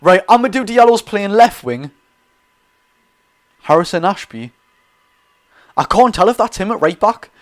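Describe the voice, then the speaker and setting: A young Geordie man with a high, expressive voice talks unhurriedly, leaving long pauses. As a football watch-along streamer, he gives chatty live commentary, reacting to the match and reading out and answering his viewers' comments.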